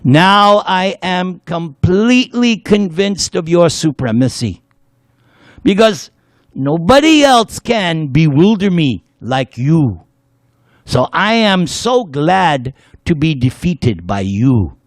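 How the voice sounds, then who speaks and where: Storytelling: a man doing a reverent male god, soft and lowered, conceding. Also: very animated, takes it slowly, dry recording, clean studio sound, exaggerated voice. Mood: humbled. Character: humble male deity conceding defeat.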